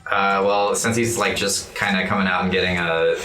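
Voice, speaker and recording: A man with a very low voice plays in a tabletop game, describing his character's moves in halting speech full of fillers. The room sounds echoey around him. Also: level tone, pushed and bright, faint music behind. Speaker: player. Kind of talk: casual tabletop play.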